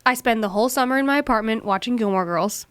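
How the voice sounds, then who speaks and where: A woman's voice: fairly high pitch, fast talker, a bit bright, smooth. A woman in her twenties telling a personal story as an interview guest, casual and chatty, peppering her speech with "like". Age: 20s.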